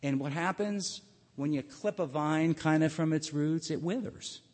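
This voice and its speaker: A man preaching a sermon and telling the story dramatically, his voice swinging between loud and hushed. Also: a little high, unhurried, big-room sound.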